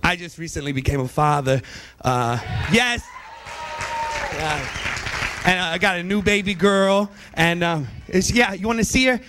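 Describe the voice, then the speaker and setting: A man doing stand-up comedy at a church, animated and quick to slip into impressions of his family. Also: high voice, a crowd in the background, noisy background. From US East Coast. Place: church hall.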